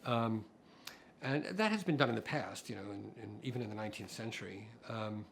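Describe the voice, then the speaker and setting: A middle-aged man, a composer guest, telling stories in a relaxed interview, with frequent fillers and restarts. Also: fairly low pitch, a little fast, vocal fry, slight background noise. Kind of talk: conversational interview.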